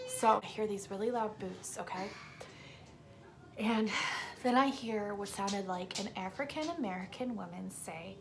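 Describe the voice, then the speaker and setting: Gravelly-voiced woman telling a story. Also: medium pitch, animated, normal speed, slight background noise. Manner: emphatic, drops into hushed whispers. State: sore throat. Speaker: vlogger. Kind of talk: casual storytelling to camera.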